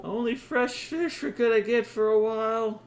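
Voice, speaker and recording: A bellowing street fish seller, put on by a man, hawking his catch at the top of his lungs. His shout leaps far above a normal speaking pitch and rings loud. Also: normal speed.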